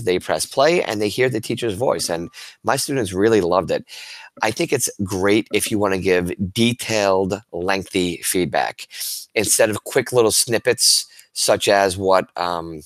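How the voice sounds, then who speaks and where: A man with a low, deep voice walks other teachers through a screen demo in a relaxed, enthusiastic way. He restarts words now and then and keeps it conversational. The recording is dry and close, with little room sound. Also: no echo. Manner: casual and enthusiastic, with frequent restarts and fillers. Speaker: teacher presenting to educators. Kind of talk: webinar presentation with screen demo.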